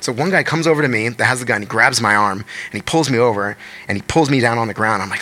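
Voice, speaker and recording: A man's voice: mid-range voice, quick pace. A man in his thirties, a touring musician and podcast guest, telling a story in casual chat with lots of swearing and acted-out quotes. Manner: animated, profane, acts out quotes.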